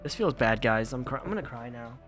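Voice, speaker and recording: A man's voice: medium pitch, lively intonation, brisk, a bit bright, faint music behind. A man streaming a game, chatting casually and rambling with plenty of restarts. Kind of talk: casual game playthrough commentary.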